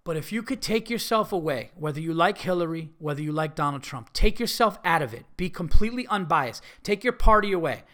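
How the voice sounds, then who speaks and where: A man delivers a profane, emphatic podcast rant. His voice is bright and forceful and sits a little high for a man. He hammers his points home and keeps swearing for emphasis. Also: animated, a little fast, hardly any pauses. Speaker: podcast host. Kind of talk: ranting comedy podcast monologue.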